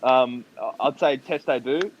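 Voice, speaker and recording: A man's voice: mid-range voice, a little hiss or hum. Australian guy in his 20s, laid-back interview guest, muffled lo-fi line. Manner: relaxed, measured, with many fillers. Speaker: guest athlete. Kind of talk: casual podcast interview.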